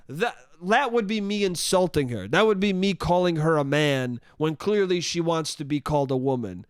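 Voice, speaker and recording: Young man, high voice, animated cursing storyteller, solo podcast, dry close mic. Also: moderate pace, smooth, no room sound. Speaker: podcast host.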